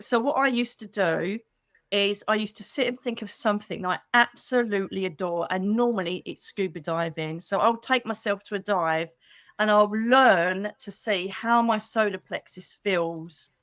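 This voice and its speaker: A woman's voice: medium pitch, no echo, studio quality. A middle-aged woman, a psychic medium chatting casually on a livestream, calling her viewers darling. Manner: chatty and animated, with pet names like darling. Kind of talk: casual livestream chat with members.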